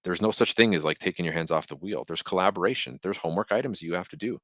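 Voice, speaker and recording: Deep-voiced emphatic man. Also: fast talker, dry recording. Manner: emphatic, fires off rhetorical questions; animated storyteller who acts out quotes. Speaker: marketing consultant, podcast guest. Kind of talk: conversational podcast interview.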